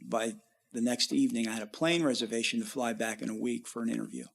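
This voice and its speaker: Man, middle-aged, gravelly, rambling storyteller, casual interview. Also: mid-range voice, fast talker. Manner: rambling, animated when quoting others. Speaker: guest musician.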